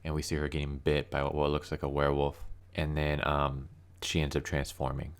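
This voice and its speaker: Deep-voiced young man reviewing comics. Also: monotone, brisk, clear, resonant tone. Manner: rambling, many fillers and restarts.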